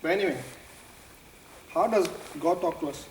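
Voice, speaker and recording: A man's voice: high-pitched, moderate pace. A man teaching a religious youth class, posing questions to the group and slipping into Punjabi. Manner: questioning, code-switching into Punjabi. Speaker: camp teacher. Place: room at a youth camp. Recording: echoey room from a distance, faint noise.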